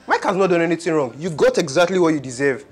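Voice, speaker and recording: A man's voice: a little high, very animated, quick pace, over music. A man playing a friend who sternly scolds a scheming young woman. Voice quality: stern, reproachful. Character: blunt male friend scolding a liar. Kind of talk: amateur drama acting.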